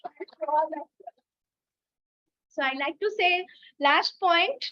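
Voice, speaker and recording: High-voiced woman giving effusive thanks. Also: slow. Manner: warm, effusive and emotional, with many fillers. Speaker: area leader closing a club meeting. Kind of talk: closing thank-you speech. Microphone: video call. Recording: dull lo-fi video call recording.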